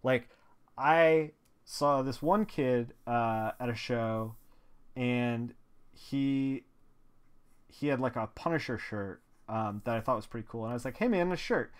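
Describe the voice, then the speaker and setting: A man's voice: medium pitch, slow, clear, resonant tone. A man, a comic colorist, talking casually on a live stream from a home studio at a desk mic, rambling with lots of "like" fillers. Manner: rambling, filler-heavy, frequent "like". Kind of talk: casual chat while working.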